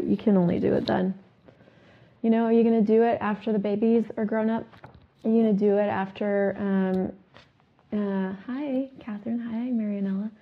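A woman hosting a self-help talk show, asking her listeners questions and reciting a repeated clearing statement. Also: mid-range voice. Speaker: host. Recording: phone-like narrow sound.

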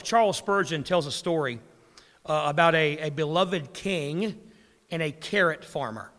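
A man's voice: fairly high pitch, a little slow, fairly bright tone, in a large hall. A man preaching a sermon as pastor, telling a story with frequent restarts and repeated words.

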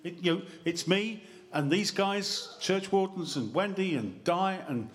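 A man preaching a sermon in church on a handheld mic, lively and joking, drawing the congregation in with questions. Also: sits high, unhurried. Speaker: pastor. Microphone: handheld microphone.

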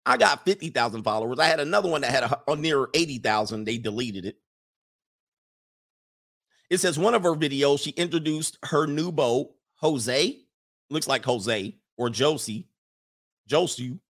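Animated man in his forties, AAVE. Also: medium pitch, normal speed. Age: 40s. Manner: animated, laughing, slangy storytelling. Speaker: commentator. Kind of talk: casual comedic commentary.

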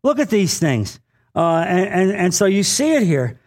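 A male pastor with a noticeably high voice for a man delivers a sermon. He talks earnestly and directly to his congregation, often repeating a phrase for weight and pausing on small fillers. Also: big pitch swings, a little mellow. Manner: addresses the congregation directly, asks for an amen.

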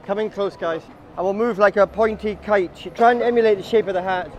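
On a city street, a comic tour guide leads a walking group outdoors, spinning chatty, absurd stories and addressing everyone as guys. His voice is high-pitched and fairly quick, with slight background noise.

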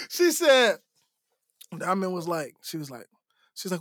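Animated man retelling a show, dry sound. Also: very high voice, a little slow, pauses often, no echo. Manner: animated storyteller acting out quotes. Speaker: podcast co-host. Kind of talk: casual chat.

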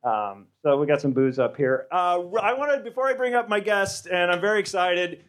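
American guy hosting a live podcast show, bit high voice, swears a lot, rambly, keeps restarting sentences. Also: very animated, moderate pace, fairly bright tone. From United States. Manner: loose, profane, joking crowd talk; rambling, with many stammered restarts. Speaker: podcast host. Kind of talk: live podcast stand-up banter. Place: stage before a live audience.

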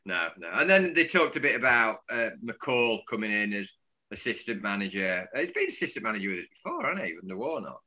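Lively bright-voiced man chatting football. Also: lowish voice, a little fast. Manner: animated, laughing, sweary banter. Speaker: podcast co-host. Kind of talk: casual football chat.

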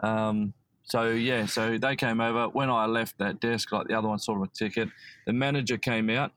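A man's voice: on the low side, fairly even intonation, moderate pace, a bit bright, a little hiss or hum, low-quality recording. A man with an Australian accent, a podcast guest telling a long story casually, rambling with many fillers and restarts.

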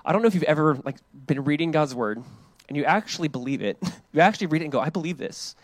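A male pastor preaching a sermon in a casual, conversational way, playing out the voices in his quotes and dropping to a soft hush when he reflects. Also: fairly high pitch, expressive, fast talker, no room sound.

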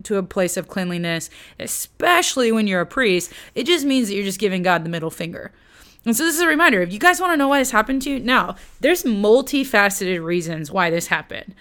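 A woman teaches the Bible in an easygoing, chatty way. She drops slang into her lessons and retells the old stories with energy. Her voice sits in a middle pitch. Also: fairly quick. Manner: conversational and slangy, lively retellings.

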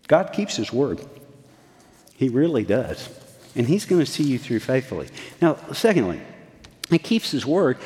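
A man in his sixties, a pastor preaching a sermon, telling a story in a folksy, animated way with frequent restarts. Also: mid-range voice, a little slow, long pauses. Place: church sanctuary. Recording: long hall reverb.

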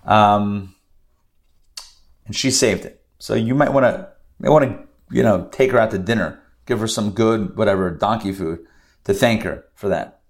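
A man's voice: on the low side, normal speed. A man teaching a scripture lesson in a conversational way, with joking asides and phrases repeated for emphasis. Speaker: Bible teacher.

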